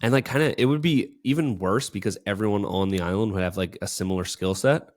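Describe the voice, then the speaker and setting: Low-voiced man rambling through a story. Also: fast talker. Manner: rambling, filler-heavy storytelling. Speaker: podcast co-host. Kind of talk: casual chat.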